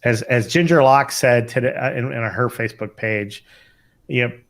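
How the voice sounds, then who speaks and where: A man's voice: medium pitch, moderate pace. A middle-aged man, an emergency physician co-hosting a casual podcast, talking thoughtfully with lots of fillers and restarts.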